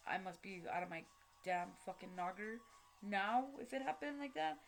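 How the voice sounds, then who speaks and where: Halting woman telling her story. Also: medium pitch, expressive. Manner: halting, with many fillers and restarts; blunt, with casual swearing. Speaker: vlogger. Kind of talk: personal storytelling.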